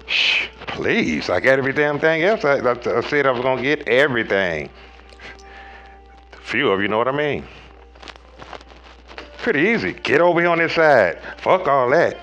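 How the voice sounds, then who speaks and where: A man gives a preachy tarot reading in a very lively, up-and-down voice, swinging from loud highs to low murmurs. He talks straight to his viewers in slangy, profane speech. The audio is dull and lo-fi, with faint music underneath. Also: normal speed, pauses often. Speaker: tarot reader.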